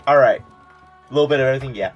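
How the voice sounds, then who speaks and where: Relaxed mid-pitched man hosting a game stream. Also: rapid-fire, lo-fi sound, soft background music. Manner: relaxed, wry, reads chat aloud. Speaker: streamer host. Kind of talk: casual gaming chat.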